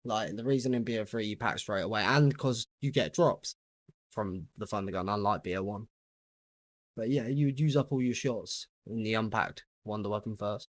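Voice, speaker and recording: A young British man chatting casually with his viewers while playing a game on a livestream, relaxed and easygoing as he greets viewers and answers their questions. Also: on the low side, moderate pace, dry recording, clean studio sound. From United Kingdom. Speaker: gaming livestreamer.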